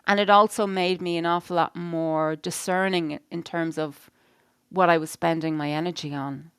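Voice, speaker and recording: Smooth-voiced woman, frank and rambling. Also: lowish voice, fairly even intonation, moderate pace, dry recording, clean studio sound. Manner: rambling, frank, swears, many "you know"s. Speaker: podcast co-host. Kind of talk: casual chat.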